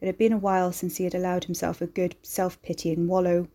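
Woman with a lowish voice narrating a horror story. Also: little pitch movement, fast talker, dark tone.

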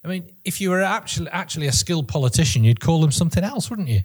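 A man's voice: on the high side, lively intonation, fast talker, darkish tone, slightly rough. A man co-hosting a political podcast, talking in a casual, opinionated way and often restarting his sentences. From Northern England. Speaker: podcast co-host.

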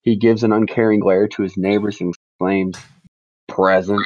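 A man reading out his game character's description in a steady way. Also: lowish voice, a little fast. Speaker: player. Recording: dull, dry lo-fi mic.

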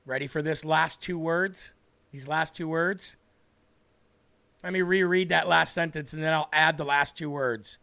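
A man hosting a livestream Bible teaching, reading scripture slowly and speaking earnestly with emphasis. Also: fairly high pitch, steady tone, creaky, sharp tone. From northern United States. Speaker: host and preacher.

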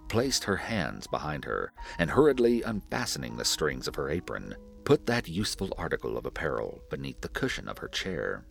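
Very deep, gravelly male narrator. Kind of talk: scripted horror story narration. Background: faint music.

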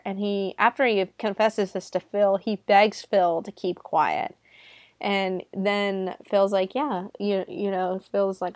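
A woman's voice: medium pitch, normal speed, creaky, dry recording, studio quality. A woman casually recapping a film, chatty and full of filler words, swearing freely. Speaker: film reviewer.

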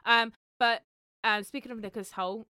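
A young woman co-hosts a podcast in excitable, gushing casual chat with casual swearing. Her voice is bright and crisp. The recording is close and dry. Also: fairly high pitch, moderate pace, no room sound. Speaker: podcast co-host.

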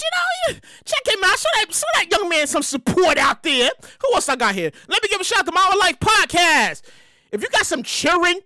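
A woman hosting her own podcast in a casual solo monologue, loud, hyped, profane and rambling, often repeating herself. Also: very high-pitched, no echo, studio quality. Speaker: podcast host.

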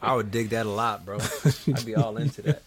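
A man co-hosting a casual podcast chat, talking animatedly and often slipping into high mock voices. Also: brisk, a bit bright. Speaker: podcast co-host.

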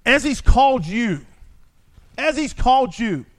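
A man's voice: extremely high pitch, big pitch swings, measured pace. A man preaching a sermon with passion, repeating phrases for emphasis.

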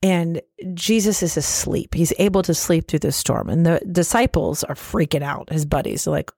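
A woman's voice: deep voice, animated, normal speed, gravelly, darkish tone, husky, no echo, studio quality. A middle-aged woman hosting a faith-based motivational podcast, speaking earnestly and encouragingly straight to the listener. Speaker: podcast host.

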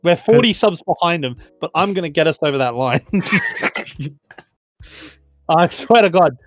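A young man co-hosts a casual podcast, joking and laughing a lot as he chats and putting on regional voices. His fairly high voice swings widely in pitch and moves a little slowly, in a dry recording.

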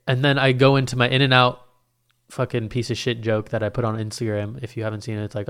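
A young man tells a story in a loose, rambling way, swearing freely and poking fun at himself. His voice is smooth and clear, with a mid-range pitch. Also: level tone, fast, a bit bright. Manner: profane, rambling, self-mocking. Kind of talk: casual storytelling.

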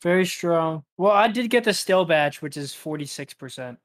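A young man co-hosting a podcast, chatting in a relaxed way with many hesitations. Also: fairly high pitch, normal speed. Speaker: podcast co-host. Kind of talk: casual chat.

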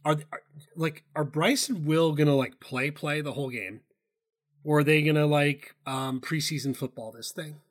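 A man's voice: a little high, normal speed. A man co-hosting a casual sports betting chat, loose and profane, rambling with restarts. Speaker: podcast co-host.

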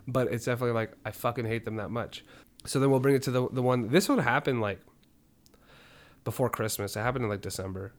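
A man co-hosting a podcast, telling a story in casual, profane, rambling chat that grows loud and heated. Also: medium pitch, a little fast, pauses often. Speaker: podcast co-host.

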